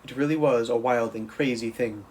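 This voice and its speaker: A man reading a children's storybook aloud in a steady, plain way, with small restarts. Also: mid-range voice, normal speed, a little hiss or hum, low-quality recording. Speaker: camp counselor reading aloud.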